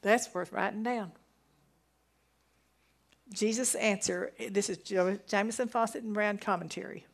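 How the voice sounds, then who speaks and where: A woman teaching from the Bible in a sermon style, reading verses slowly and emphatically. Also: medium pitch, steady tone. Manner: slow, emphatic scripture reading with rising exclamations.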